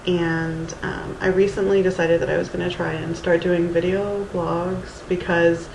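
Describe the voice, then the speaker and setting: This woman's voice sits on the low side, gravelly and flat, with an unhurried pace. She's a thirtysomething vlogger from Houston, Texas, rambling casually through a storytime into her camera's mic in Valley Girl-like speech, with many ums and restarts, and the roomy recording has faint ambience and background noise.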